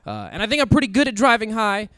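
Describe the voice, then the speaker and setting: A man's voice: high voice, fast, no echo, studio quality. A young man from Kansas City doing a crude stand-up comedy set on stage before a live audience. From Kansas City, USA. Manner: crude, animated storytelling.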